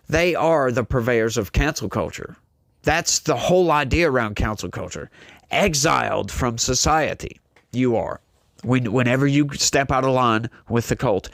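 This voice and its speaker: A man's voice: mid-range voice, no echo. Emphatic male political commentator, dry sound. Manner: emphatic, preachy, talks straight to the audience with "folks" and "y'all". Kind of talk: opinionated political commentary monologue.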